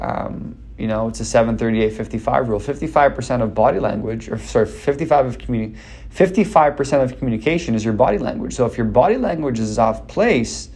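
Guy giving speech coaching tips, mid voice, talks straight to you, keeps restarting himself. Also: mid-range voice. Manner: energetic, repeats himself, many fillers and restarts. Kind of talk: casual advice talk.

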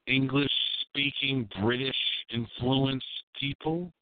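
A man's voice: medium pitch, fairly even intonation, takes it slowly, dry recording. A man hosting a live call-in radio show, talking in a rambling, crude and provocative way. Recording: dry tinny phone-like sound.

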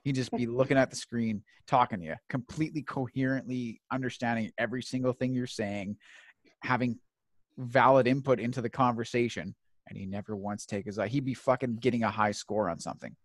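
Animated swearing man, dry mic. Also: medium pitch, fairly quick, dry recording. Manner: animated, swearing storyteller who acts out quotes. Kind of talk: casual chat.

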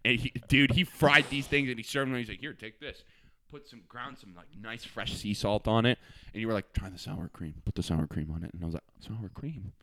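A man's voice: on the low side, fairly quick. A man in his twenties co-hosting a casual podcast chat, telling stories animatedly, laughing often and acting out what others said. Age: 20s. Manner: animated storyteller, laughs often, acts out quotes. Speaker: podcast co-host.

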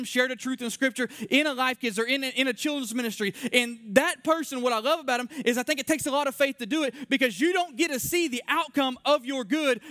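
A man's voice: very high-pitched, sharp tone, no echo, studio quality. A man in his thirties preaching a conversational sermon in a church room, earnest and repeating his key phrases, telling stories from his own life. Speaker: pastor.

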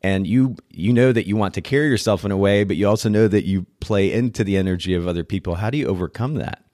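A man's voice: fairly low pitch, fast, darkish tone, dry recording, studio quality. A man hosting a podcast interview, talking in an effusive, casual way with frequent restarts. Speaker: podcast host.

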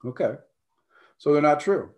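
An American man, a life coach, talking earnestly in a conversation, often clearing his throat and repeating his points. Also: fairly high pitch, expressive, moderate pace, darkish tone.

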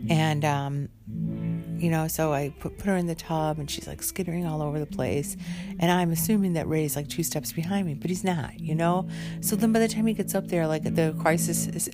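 A woman ranting casually with an exasperated, profane, rambling manner, overtired and worn out. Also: deep voice.

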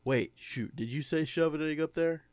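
A man's voice: a little high, normal speed, darkish tone, no echo. A man directing a recording session in a comic sketch, rambling and coaxing in a patient way. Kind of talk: comedic improvised sketch.

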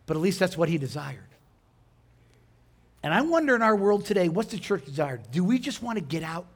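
High-voiced preaching pastor. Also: male voice, big pitch swings, fairly quick. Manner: conversational preaching with rhetorical questions to the congregation. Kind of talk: sermon.

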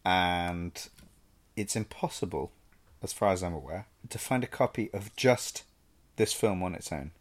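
A man's voice: low-pitched, expressive, measured pace. A man co-hosting a film podcast in casual chat, earnest and self-deprecating, sometimes mock-pleading. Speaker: podcast co-host.

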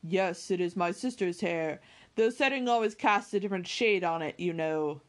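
Shy grave young gent, lower and soft, hesitant, as a woman reads him. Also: normal speed, lightly acted. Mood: embarrassed. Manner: quiet and hesitant.

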